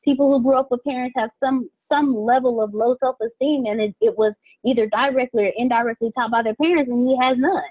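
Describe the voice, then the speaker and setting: A woman's voice: a little high, fairly even intonation, fast, hardly any pauses, slightly rough. A woman chatting candidly in casual talk, laughing and repeating phrases. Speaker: co-worker of the host. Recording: tinny phone-like line.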